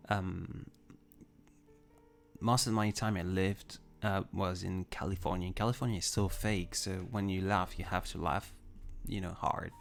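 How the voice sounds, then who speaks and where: A French-speaking man hosts a livestream in a deep, gravelly voice, keeping a steady tone and a measured pace. He chats casually and reads viewer comments, rambling and restarting his sentences as he answers, with faint music behind him.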